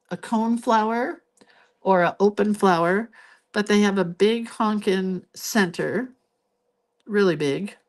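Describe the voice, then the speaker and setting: A woman hosting a casual live drawing tutorial from her craft desk, filmed on a phone. She chats and thinks aloud as she draws. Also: medium pitch. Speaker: host and doodling teacher. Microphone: phone camera.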